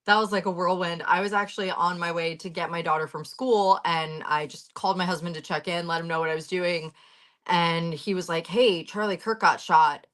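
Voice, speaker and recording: On a talk show, a woman in her thirties tells a personal story bluntly over a video call, swearing and speaking with heated urgency. Her voice sits on the low side with a fairly bright tone.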